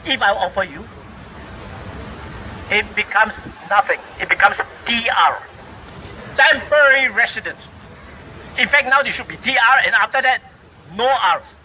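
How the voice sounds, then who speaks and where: A man's voice: high-pitched, expressive, normal speed, pauses often, bright, forceful tone, slight background noise, low-quality recording. A middle-aged man with a Singaporean English accent giving a fiery, rhetorical speech that scolds the government, recorded outdoors in a city. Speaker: speaker at a public rally. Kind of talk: impassioned public speech.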